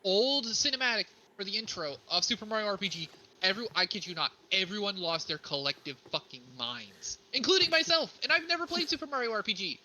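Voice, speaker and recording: A man co-hosting a podcast, chatting casually about video games, excitable and swearing freely. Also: sits high, fast, slight background noise, rough recording. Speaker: podcast co-host. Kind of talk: casual gaming chat.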